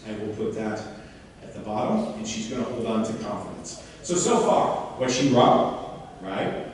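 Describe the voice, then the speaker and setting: A man giving a live workshop demonstration to an audience and coaching a volunteer on stage in an animated, questioning way. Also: lowish voice, moderate pace. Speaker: seminar speaker. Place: large hall before an audience. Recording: echoey hall, mic far off.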